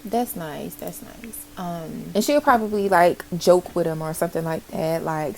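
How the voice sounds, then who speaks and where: A woman, excitedly narrating her life-sim game story in casual commentary and talking straight to her viewers. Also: fairly low pitch, normal speed, vocal fry, few pauses. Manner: chatty, excitable, addresses viewers as y'all. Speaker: Sims gameplay narrator.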